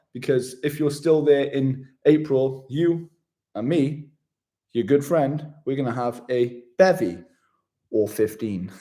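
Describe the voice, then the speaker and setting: A man's voice: mid-range voice, dark tone. Chummy man on a live stream. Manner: upbeat and chummy, calls viewers mate and legend. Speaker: travel vlogger. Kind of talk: casual livestream chat with viewers.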